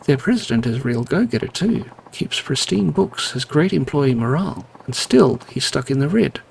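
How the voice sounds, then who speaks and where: A man voicing an earnest, anxious young company boss who stammers, in a gravelly voice. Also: mid-range voice, lively intonation, moderate pace, a little mellow, a little hiss or hum, low-quality recording.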